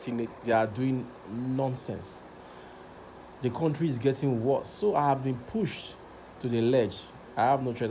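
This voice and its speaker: A man's voice: mid-range voice, darkish tone, a little hiss or hum. A man with a Nigerian accent, recording a passionate rant video, repeating himself and stumbling over words as he gets worked up. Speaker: vlogger.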